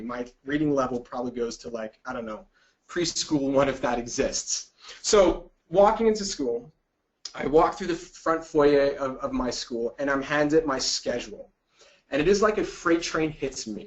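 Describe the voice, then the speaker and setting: A man, presenting a webinar and telling a personal story in an animated way, acting out his own reactions. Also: fairly high pitch. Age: 30s. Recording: dull lo-fi webinar audio.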